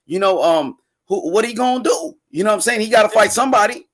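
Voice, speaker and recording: A man from Los Angeles calling into a live chat, brash and boastful, talking himself up and hyping loudly. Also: high-pitched, animated, fast talker. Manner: brash, boastful, hyped shouting. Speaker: call-in guest. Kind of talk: casual chat.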